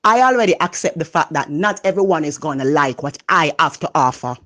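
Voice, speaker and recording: A Jamaican woman giving a passionate motivational talk, loud and expressive, mixing patois into her English. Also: deep voice, fairly quick. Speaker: motivational speaker. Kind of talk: motivational monologue.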